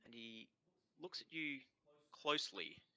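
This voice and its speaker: A man with an Australian accent narrating as game master in a relaxed way, full of fillers. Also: medium pitch, measured pace, clear, resonant tone. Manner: relaxed, chuckling, many fillers. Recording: dull remote-call sound.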